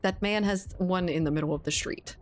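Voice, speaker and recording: A woman from Louisiana livestreams, reading chat and casually talking with viewers, laughing often and swearing now and then. Her voice is fairly low-pitched and fairly quick, with slight background noise.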